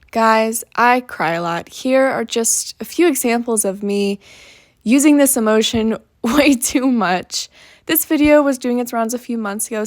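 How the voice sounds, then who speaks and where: A woman's voice: on the high side, poor audio. Dramatic chatty young woman vlogger. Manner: dramatic, chatty, self-mocking. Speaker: book vlogger. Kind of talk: casual vlog to camera. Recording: background music under voice. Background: music.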